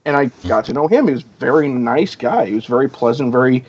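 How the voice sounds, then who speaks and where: A man's voice: medium pitch, expressive, fast, darkish tone, slightly rough. A man chatting as a podcast guest, rambling and filling his talk with "you know", acting out quoted dialogue. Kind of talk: casual podcast chat. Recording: dull lo-fi audio.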